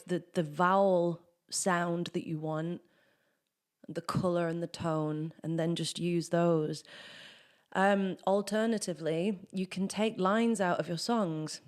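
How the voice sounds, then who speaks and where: This is a vocal coach giving a singing lesson with demonstrations. Her voice is lowish and clean-toned, and she chats through technique before singing vocal exercises.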